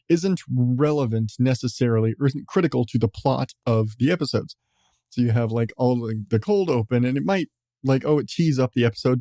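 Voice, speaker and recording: Mellow-voiced rambling podcast host guy. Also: medium pitch, no room sound, studio quality. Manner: rambling, profane, chuckling. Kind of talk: casual chat.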